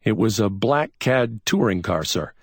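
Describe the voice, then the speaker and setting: Guy playing a young marine guard, brisk, raspy voice. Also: on the low side, animated, no room sound, studio quality, pitched above the performer's own voice, heavily acted. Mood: dutiful. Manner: brisk report, says "sir". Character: young male Marine sentry, dutiful.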